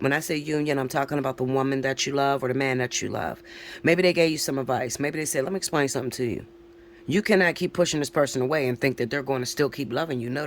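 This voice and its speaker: Casting note: male tarot reader, mid-pitched, frank and profane, chatty, over a faint hum. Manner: chatty, keeps checking in with listeners. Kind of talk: casual tarot reading to camera.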